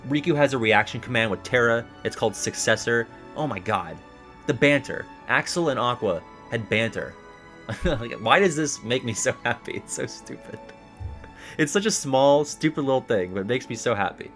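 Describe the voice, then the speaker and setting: A young man in casual reaction chat about a video game, rambling and excitable, laughing often. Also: medium pitch, normal speed, soft background music.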